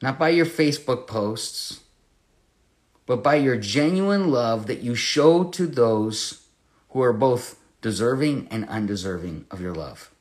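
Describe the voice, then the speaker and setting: A man teaching verse by verse through a Bible passage, impassioned and conversational, rising to loud emphasis and dropping to hushed storytelling. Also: mid-range voice, animated, unhurried.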